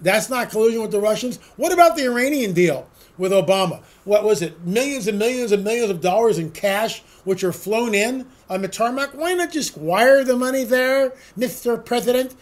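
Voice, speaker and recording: A man with a notably high-pitched voice delivers a solo political commentary monologue. He rambles from point to point, leans on sarcastic rhetorical questions and repeats words for emphasis. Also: expressive, moderate pace, few pauses.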